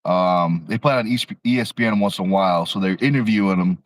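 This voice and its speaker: A man's voice: deep voice, quick pace, low-quality recording. A young man co-hosting a casual livestream, laughing often and trailing off mid-sentence. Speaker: co-host of a livestream.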